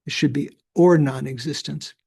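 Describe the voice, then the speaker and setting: Male teacher, mellow higher voice, reads and explains, halting delivery. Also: steady tone, creaky, slightly rough. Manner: halting, repeats words when restarting. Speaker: Buddhist teacher. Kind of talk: reading and explaining a text in class.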